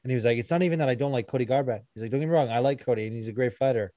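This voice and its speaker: A man's voice: medium pitch, racing, mellow, dry recording. A young man co-hosting a podcast, chatting casually and profanely about fights with lots of filler words. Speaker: podcast co-host.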